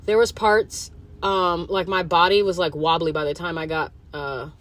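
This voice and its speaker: A woman's voice: fairly low pitch, steady tone, normal speed. A woman hosting her own podcast, talking alone in a casual, rambling way, swearing often and using lots of fillers. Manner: rambling and profane, full of fillers. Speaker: podcast host. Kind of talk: casual solo monologue.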